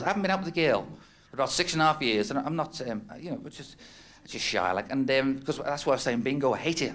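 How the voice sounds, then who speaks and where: A man's voice: mid-range voice, a bit bright. Man, from North West England, stand-up comedian, rambling, self-mocking, noisy old club recording. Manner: rambling, self-mocking, laughing at his own jokes. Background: audience laughter.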